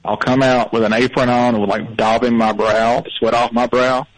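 Male caller, relaxed and earnest, tells his stories plainly. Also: mid-range voice, normal speed, low-quality recording. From Southern United States. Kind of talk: casual phone call chat.

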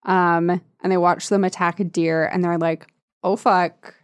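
A woman's voice: lowish voice, level tone, normal speed, smooth, no echo, studio quality. A woman chatting casually about a book, laughing often, sarcastic, and acting out characters' lines. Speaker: podcast co-host discussing a book. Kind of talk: casual chat.

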